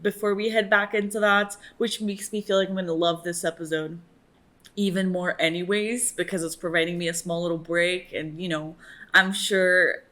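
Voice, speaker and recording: A young woman hosting a reaction video, chatting casually and gushing excitedly at the screen. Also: lowish voice, moderate pace.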